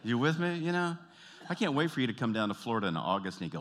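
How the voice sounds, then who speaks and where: Talking very fast, a comedian from the American South delivers lively stand-up in his Southern accent. His stories are packed with leaps into high, over-the-top character voices.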